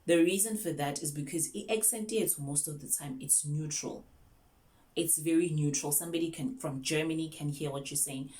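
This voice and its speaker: A woman's voice: sits low, normal speed, mellow. A young South African woman, an online English teacher, chatting casually through tips and mixing English with Zulu.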